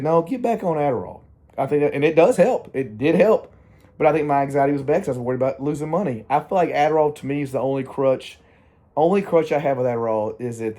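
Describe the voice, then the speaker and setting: Middle-aged guy rambling to the camera, candid, keeps trailing off, medium-pitched voice. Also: dark tone. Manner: candid, meandering, self-interrupting. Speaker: vlogger. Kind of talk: rambling personal vlog.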